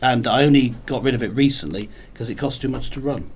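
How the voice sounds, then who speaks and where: A man's voice: mid-range voice, quick pace, husky. A man co-hosting a casual chat show, telling long rambling stories with dry, pedantic wordplay. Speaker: podcast co-host.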